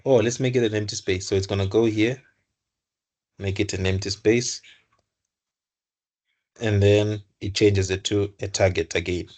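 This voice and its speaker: A man's voice: lowish voice, steady tone, unhurried, pauses often, darkish tone. A young man tutoring computer science, explaining code aloud, often correcting himself and repeating words. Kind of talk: live coding lesson.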